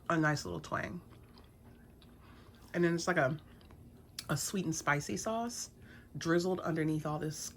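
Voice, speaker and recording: Casual woman vlogger with a lowish voice, animated and chatty, talks with her mouth full at times. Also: a little hiss or hum. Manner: chatty and animated, laughs often; eating while talking. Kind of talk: casual vlog chat.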